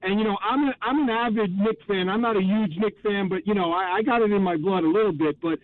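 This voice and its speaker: Brief: earnest, friendly male caller, very high voice, tinny phone line. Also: quick pace. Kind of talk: caller praising the hosts on air.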